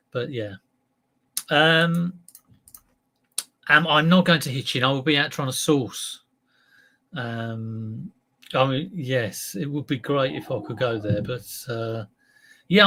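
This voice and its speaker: A chatty man with a slightly husky, breathy voice, hosting a casual live stream. He rambles along at an everyday middle pitch, breaking off and restarting his sentences as he talks. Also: fairly bright tone. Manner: rambling, self-interrupting, chatty. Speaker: reseller livestream host.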